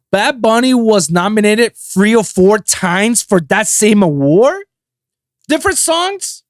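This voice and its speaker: A man from Puerto Rico rants on his own podcast, cursing freely as his voice leaps from loud disbelief down to low asides. His pitch swings widely, and the recording is dry and close with no room sound. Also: no room sound. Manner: animated, profane, swings between loud outbursts and low mutters. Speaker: podcast host. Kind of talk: casual solo podcast rant.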